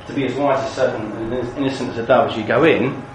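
A British man leading a training session for Christian youth workers, talking in a lively, animated storytelling way. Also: medium pitch, fast, slight background noise. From Britain. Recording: echoey room, faint ambience.

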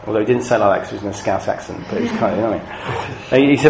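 A British man leading a training session for Christian youth workers, talking in a lively, animated storytelling way. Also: lowish voice, rapid-fire, background noise. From Britain. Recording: echoey room, faint ambience.

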